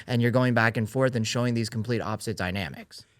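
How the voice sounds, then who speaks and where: Fast-talking male podcast host. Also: mid-range voice, dry recording, studio quality. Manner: quick, affirming, interjects often. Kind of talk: casual interview chat.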